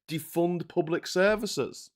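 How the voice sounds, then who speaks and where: A man's voice: sits high, takes it slowly. A man hosting a casual livestream from home, reading chat aloud and ranting sarcastically, laughing between lines.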